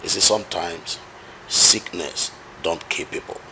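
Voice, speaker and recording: A man's voice: deep voice, steady tone, unhurried, pushed and bright, exaggerated voice. An actor playing a concerned man, insisting on driving a sick woman to hospital. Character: kind neighbor, insistent helper. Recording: street noise, passing vehicles.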